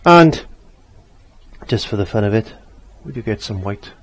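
Man, painting tutor, lowish voice, chatty, repeats himself while working. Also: animated, unhurried, slightly rough, no room sound. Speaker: painting teacher.

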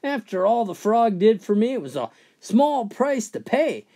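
A man narrating a funny joke story in an animated storytelling manner. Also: high-pitched, unhurried. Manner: animated, swooping storyteller delivery. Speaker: joke teller.

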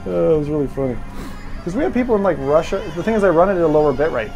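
A man's voice: on the high side, lively intonation, fast talker, gravelly, darkish tone, soft background music. A man streaming a VR game, chatting casually and reading viewer messages aloud. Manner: rambling, chatty, reads chat aloud. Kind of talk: casual live-stream chat.

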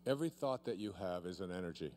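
At a live seminar in front of an audience, a man leads a demonstration, playfully teasing a volunteer and stretching out key words. His voice is low with a darkish tone, picked up by a handheld mic the volunteer holds, with slight background noise.

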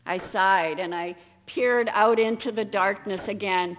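A woman pastor giving a storytelling sermon in a church sanctuary, unhurried, acting out her own hesitant, self-deprecating lines. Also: mid-range voice. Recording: echoey church over a tinny line.

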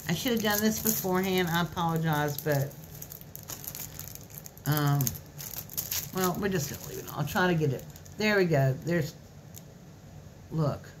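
Brief: low-voiced woman vlogger, gushy and folksy, soft packaging crinkle behind her. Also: a little slow, long pauses, background noise. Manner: gushing, chatty and folksy. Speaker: craft vlogger. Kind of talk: casual haul video chat. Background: faint crinkling of plastic packaging.

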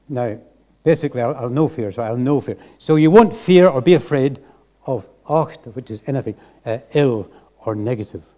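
Warm-voiced preacher in his sixties. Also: mid-range voice. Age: 60s. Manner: earnest, reflective, unhurried. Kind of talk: sermon. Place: church.

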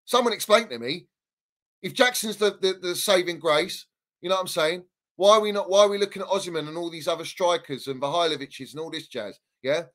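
A man's voice: high-pitched, a little fast, a bit bright. A man, a guest on a football podcast, ranting heatedly in casual debate. He swears freely and hammers his points home by repeating them. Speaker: Chelsea fan guest.

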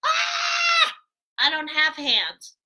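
A woman's voice: sits high, unhurried, background noise. A woman voicing a cranky, blunt rubber chicken puppet on a children's show. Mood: indignant.

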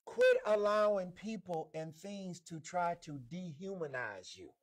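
A man with a notably high voice preaches a sermon. He hammers points with repetition and pulls call-and-response answers from his listeners. The sound comes through a modest microphone. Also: huge pitch swings, measured pace. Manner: emphatic, repeats key lines, call-and-response with listeners. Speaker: preacher and lead instructor.

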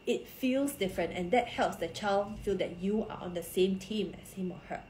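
A woman giving parenting advice on a live stream, speaking calmly and explaining step by step while addressing her viewers directly. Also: medium pitch, fairly quick, few pauses, a little hiss or hum. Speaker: parenting coach. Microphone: phone or computer for a social media live stream. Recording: echoey room.

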